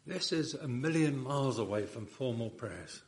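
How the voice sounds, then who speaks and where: A man's voice: mid-range voice, animated, moderate pace, darkish tone. A man preaching a sermon in an earnest, emphatic way, often repeating phrases for weight.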